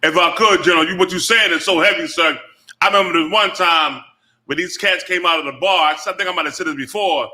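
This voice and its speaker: A man on a talk show telling a personal story with animated energy, acting out the voices of the people he quotes. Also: a little high, brisk. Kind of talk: casual storytelling.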